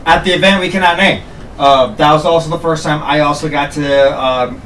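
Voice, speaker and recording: A man's voice: on the high side, steady tone, a little fast, fairly bright tone. A man casually telling a story on a podcast, laughing and swearing as he talks. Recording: roomy, distant mic with faint noise.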